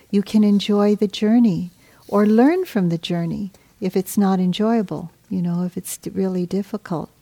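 A woman meditation teacher giving a dharma talk, soft and gentle, unhurried and reflective. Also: medium pitch, steady tone, creaky.

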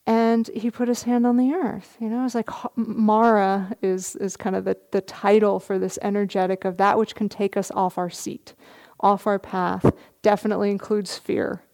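Giving a retreat dharma talk, a middle-aged woman who teaches meditation tells a story gently with soft laughs. Her mid-range voice carries vocal fry, and she speaks at a moderate pace with a flat delivery.

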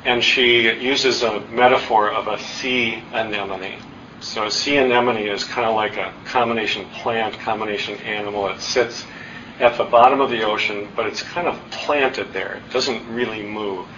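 Man giving a gentle dharma talk. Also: lowish voice, fairly even intonation. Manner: warm, self-deprecating storytelling with pauses. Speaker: guest dharma teacher. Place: meditation hall. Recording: distant, dull room recording with faint noise.

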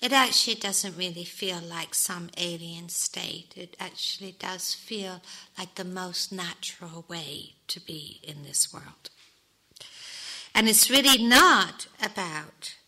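A woman meditation teacher giving a gentle, reflective dharma talk, with soft whispered asides. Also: on the low side, takes it slowly, rough recording.

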